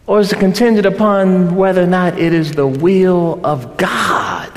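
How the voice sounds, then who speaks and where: High-voiced preacher in an echoing hall. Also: male voice. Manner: dynamic, rising to shouts and slowing for emphasis. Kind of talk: sermon. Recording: roomy hall with long reverb.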